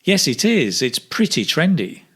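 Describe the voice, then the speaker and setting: Slow, lively male English teacher. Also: on the high side, breathy edge. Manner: models phrases slowly with exaggerated intonation. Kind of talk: slow, clear pronunciation drill.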